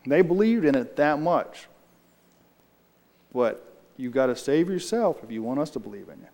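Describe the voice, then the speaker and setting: A man's voice: mid-range voice, very animated, normal speed, pauses often, darkish tone. A man leading a casual Bible study, talking loosely and answering his group as he reads aloud. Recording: reverberant room.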